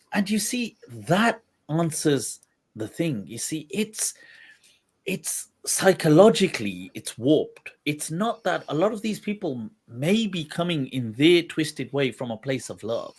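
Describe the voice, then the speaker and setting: A man's voice: on the high side, sing-song, measured pace, slightly rough. Man musing through a livestream discussion. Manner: thoughtful, meandering, many restarts. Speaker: Islamic scholar, livestream host.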